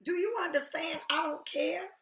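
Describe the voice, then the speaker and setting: A woman with a high, bright voice, talking to her viewers as a tarot reader. She is blunt, heated and freely profane. The sound carries an echo from the room. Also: moderate pace, slight background noise. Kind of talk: casual direct-to-camera rant. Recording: echoey room.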